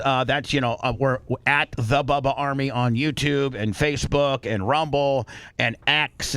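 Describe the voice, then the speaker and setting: A man's voice: mid-range voice, a bit bright, smooth, no room sound. A man hosting a radio talk show, telling a story bluntly and with animation, swearing as he goes. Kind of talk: casual talk-show chat.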